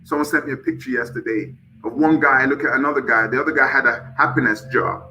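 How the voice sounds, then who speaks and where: Fervent, bright-voiced motivational man. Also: mid-range voice, fast, slight background noise, low-quality recording. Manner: fervent and preachy, swinging from shouts to soft whispers; leads call-and-response, urging viewers to repeat and type. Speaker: motivational live-stream host. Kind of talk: motivational pep talk with chanted affirmations.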